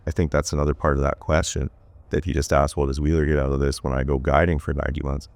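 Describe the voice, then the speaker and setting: A man's voice: extremely low pitch, level tone, fast talker, creaky, no echo. A man working as a plumber and fishing guide, talking in an easygoing, rambling way on a podcast. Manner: easygoing, talks in long loose runs. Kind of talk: casual podcast conversation.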